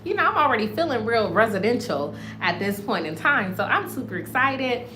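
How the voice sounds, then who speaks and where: An American woman vlogging, telling a story to her viewers in a casual, animated way and calling them y'all. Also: a little high, fairly quick, noisy background. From United States. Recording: roomy echo, faint ambience.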